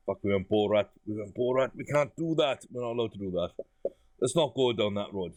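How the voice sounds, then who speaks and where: A man giving a casual first-look commentary on a game, chatty and amused, thinking out loud. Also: fairly low pitch, fairly quick, dry recording. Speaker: gaming YouTuber.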